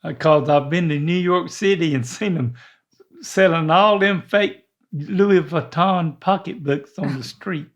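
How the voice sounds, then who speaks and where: Older man, good-humored and slow. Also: a little high. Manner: good-humored, laughs at himself. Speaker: podcast co-host, father. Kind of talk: casual chat.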